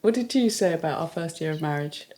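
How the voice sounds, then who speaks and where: A middle-aged woman with an English accent tells family anecdotes in a relaxed podcast chat, often laughing as she goes. Her voice sits somewhat low for a woman. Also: fast talker. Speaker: podcast co-host.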